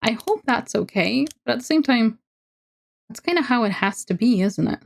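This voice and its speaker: A Norwegian woman from Norway chats casually in English with a Norwegian accent to her viewers as she plays a game on a livestream. Her voice is fairly high and creaky, animated, at a moderate pace.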